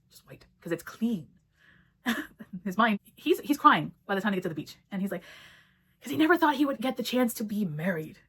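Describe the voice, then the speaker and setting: A woman talks through a book in a quick, tumbling rush, with her words crowding together. She is blunt, swears freely, and jumps into the characters' lines as she retells the story, in a casual review chat. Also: medium pitch.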